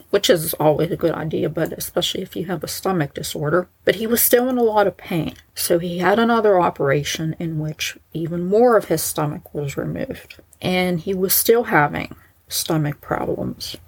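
A woman's voice: lowish voice, slightly rough, poor audio. A woman narrating in a casual, chatty way, with wry asides. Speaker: storyteller.

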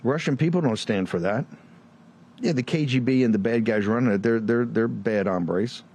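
A man's voice: mid-range voice, normal speed, darkish tone, breathy edge. A man from Virginia hosting a show, delivering a combative political commentary monologue full of rhetorical questions and mocking asides. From Virginia, USA. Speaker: show host.

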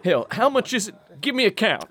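A mouthy gambler, loud and swingy. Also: male voice, sits high, sing-song, a little fast. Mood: blustering. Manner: blustering, belligerent. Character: hotheaded male gambler, brash and crude.

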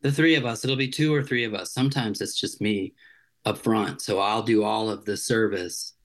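A man's voice: on the low side, moderate pace. A man, a chef, chatting casually as an interview guest in a rambling, loose way full of filler words.

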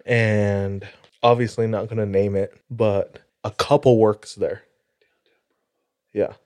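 A man with a low-pitched voice chats casually on a podcast. He tells stories and breaks into laughter often. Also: level tone, slow pace, darkish tone. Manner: laughs a lot while telling stories. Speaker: podcast co-host. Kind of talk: casual chat.

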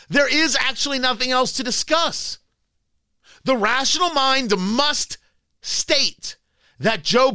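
A man's voice: sits high, pushed and bright, no room sound. A man hosting a talk radio show, delivering an emphatic, combative monologue into a studio microphone.

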